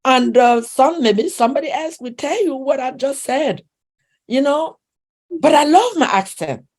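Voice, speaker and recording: A woman's voice: sits high, expressive, measured pace, a little mellow. A middle-aged woman with a non-native English accent, a relationship coach talking in an interview, earnest and emphatic, repeating herself and searching for words. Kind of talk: interview conversation.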